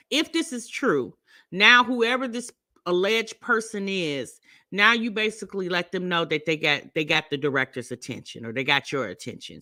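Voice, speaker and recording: A woman's voice: on the low side, bright, forceful tone, no room sound, studio quality. A woman hosting a reaction channel, delivering blunt, scolding, sarcastic commentary.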